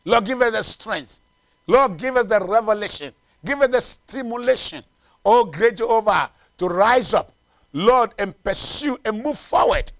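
A male preacher with a high voice that leaps up and down as he builds to loud declarations and then drops to hushed asides. He repeats phrases to drive them home. The sound is dry and close. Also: lively intonation, measured pace, no echo. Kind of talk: sermon with closing prayer.

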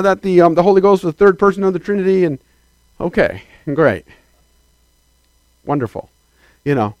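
A man preaching a sermon as a pastor, swinging between loud declarations and quiet asides and calling out to the congregation. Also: high voice, expressive, moderate pace, long pauses, no echo. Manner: calls out to the congregation for affirmation.

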